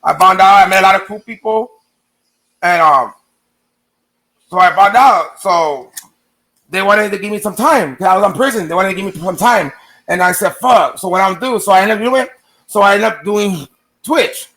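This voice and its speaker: A man's voice: high-pitched, moderate pace, pauses often, sharp tone. A man casually telling a long personal story to his viewers, rambling and swearing, acting out what others said to him. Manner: rambling, profane, acts out quoted exchanges.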